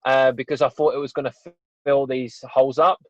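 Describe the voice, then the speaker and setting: Fairly quick and level in tone, an Englishman's mid-range voice carries a rambling, earnest personal story told as a guest in a casual podcast interview. "You know" and "right?" come up often. The audio is dull and dry.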